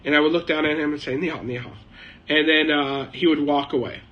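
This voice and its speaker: A middle-aged man living in China hosts a live chat from his home shed, telling a casual, rambling story packed with "uh" and "um." His voice is a little high and flat, delivered fast on a muffled recording.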